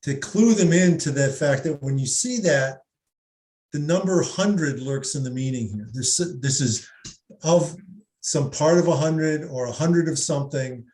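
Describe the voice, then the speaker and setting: Man, middle-aged psychologist, animated explainer, echoey room. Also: a little high, a little slow. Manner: animated explainer, demonstrates pronunciations aloud. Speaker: psychologist guest. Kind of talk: explanatory discussion. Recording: roomy echo.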